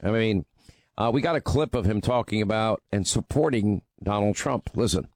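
A man's voice: lowish voice, animated, normal speed, a little mellow, dry recording. Chatty man hosting talk radio. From New York. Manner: rambling, chatty, with many fillers. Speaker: radio host. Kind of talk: talk radio banter and news commentary.

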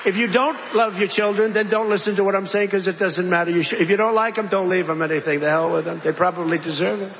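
A man's voice: sits high, steady tone, quick pace, few pauses, a bit bright. Male rally speaker, boastful and rambling, slightly dull, roomy sound with faint noise behind. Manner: digressive, boastful, joking asides.

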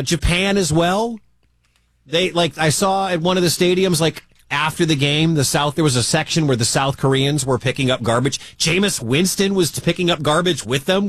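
A man's voice: on the high side, dry recording. An American man hosting a sports talk radio show, chatting loosely and animatedly with frequent restarts. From United States.

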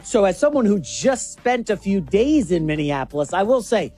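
A co-host on a sports talk show, chatty and animated, setting up topics. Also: medium pitch, breathy edge, soft background music. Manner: chatty, animated, quick asides.

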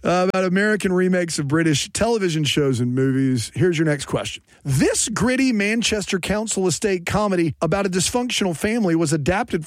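A man's voice: high voice, no echo. A man hosting a trivia game, reading questions and chatting with upbeat energy. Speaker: quiz host. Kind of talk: quiz hosting.

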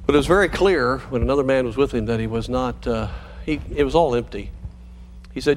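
A man preaching a sermon as a pastor, earnest and pastoral, slowing down to stress key points and speeding up through asides. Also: medium pitch, a little hiss or hum. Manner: earnest, pastoral, shifts between slow emphasis and quick asides.

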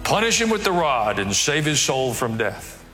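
Pastor guy giving a sermon, chatty and wry, reads the verses slow, sounds like a big echoey church. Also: medium pitch, big pitch swings, pushed and bright, soft background music. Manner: conversational preaching with wry asides; reads scripture aloud in slower measured tones.

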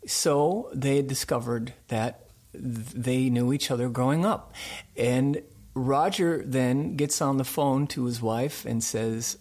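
A man who hosts a radio program, telling a folksy, rambling anecdote in relaxed conversation. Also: medium pitch, a little slow. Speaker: radio show host being interviewed.

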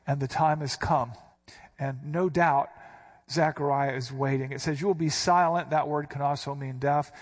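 A man's voice: mid-range voice, level tone, normal speed. A man preaching an expository sermon who explains Greek words and gives quoted speech a sudden, emphatic punch.

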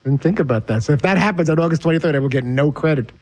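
Fast-talking higher-voiced male co-host. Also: darkish tone. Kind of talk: casual radio show banter.

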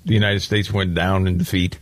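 A man's voice: deep voice, level tone, fairly quick, no echo. A man hosting a talk radio show, chatting casually and leaning hard on key words.

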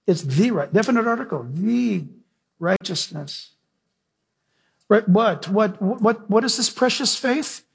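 A male preacher delivers a sermon in a high-pitched voice. His tone is husky and breathy, and he presses points home with emphasis and direct questions to the congregation. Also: takes it slowly. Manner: emphatic, questions the audience, animated storytelling.

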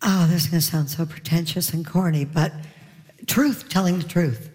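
A woman comedian speaks on a panel, animated and quick to laugh at her own stories. Her voice carries a long reverb from the hall. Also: fairly low pitch. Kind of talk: panel discussion, storytelling.

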